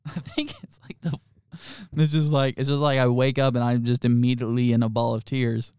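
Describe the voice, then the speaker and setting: A man's voice: mid-range voice, a little fast, darkish tone, clean tone, no echo, studio quality. A man co-hosting a podcast in casual chat, rambling through stories with lots of fillers and frequent laughter. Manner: rambling, laughs often, filler-heavy storytelling. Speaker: podcast co-host.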